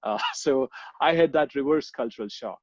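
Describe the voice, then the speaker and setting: A young man from India, a podcast guest, talking casually with many pauses and restarts. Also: mid-range voice, dry recording. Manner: hesitant, many ums and restarts. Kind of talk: casual interview chat. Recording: dull, dry lo-fi sound.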